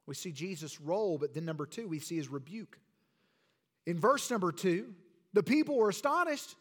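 A man's voice: high voice, animated, normal speed, fairly bright tone. A man preaching a sermon to his church with emphatic, rhetorical delivery. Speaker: pastor.

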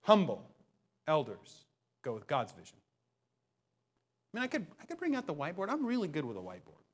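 A man in his thirties, a preaching pastor, giving a conversational sermon in church, moving from soft self-deprecating asides to loud, emphatic peaks. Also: on the high side, huge pitch swings, a little fast. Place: church sanctuary.

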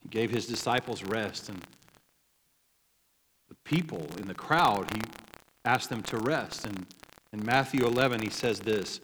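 A man's voice: fairly low pitch, measured pace, long pauses, fairly bright tone. Man preaching in a reverberant hall. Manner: conversational preaching with asides and laughs. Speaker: pastor. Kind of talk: sermon.

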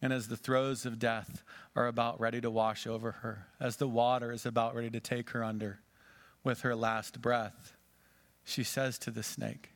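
A man's voice: mid-range voice, flat delivery, moderate pace. Storytelling male pastor. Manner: dramatic storytelling, varying loudness and pace. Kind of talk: sermon.

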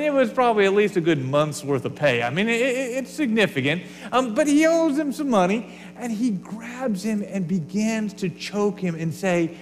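A man's voice: sits high, in a large hall. A man preaching a sermon to his congregation, earnest and varied, sometimes falling to a near whisper. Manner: earnest, varies loudness, drops to a whisper at times. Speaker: pastor.

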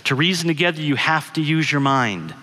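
A man's voice: on the high side, lively intonation, a little fast, bright, forceful tone. A middle-aged man giving a guest sermon, telling a family story in a conversational way and asking the audience questions. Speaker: guest speaker. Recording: long hall reverb.

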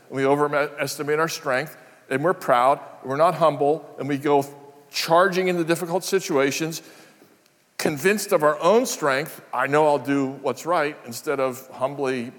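An older man preaching a sermon, earnest and reflective, often repeating his phrases. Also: a little high. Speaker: pastor. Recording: long hall reverb.

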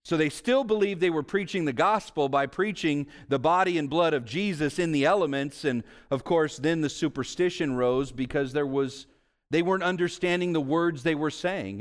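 This is a man, a pastor, giving a storytelling sermon with lively shifts in his pitch and volume.

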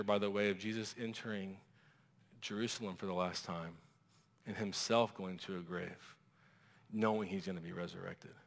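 A man preaching a sermon as a pastor, animated and acting out quoted voices. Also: lowish voice, creaky. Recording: long reverb of a large hall.

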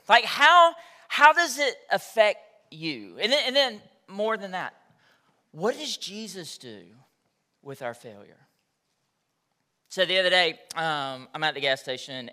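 A man's voice: fairly high pitch, pushed and bright. A male pastor preaching a sermon in a casual storytelling way, talking to the congregation as y'all. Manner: conversational storytelling, addresses crowd as y'all.

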